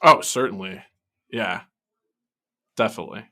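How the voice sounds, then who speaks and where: A low-pitched man with a bright, forceful tone co-hosts a casual podcast. He talks animatedly and laughs often. His voice sits lower than most, with a crisp edge. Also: measured pace. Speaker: podcast co-host.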